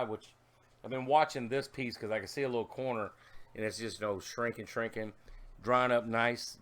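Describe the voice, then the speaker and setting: A man chatting casually in a vlog, rambling and animated, telling stories with laughs as he shows his work. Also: mid-range voice. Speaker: vlogger.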